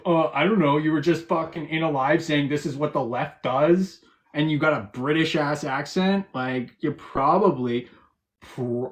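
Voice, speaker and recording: A man's voice: on the high side, moderate pace. A man hosting a live stream, arguing in a profane, combative and mocking way. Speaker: livestream host. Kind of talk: heated live-stream argument.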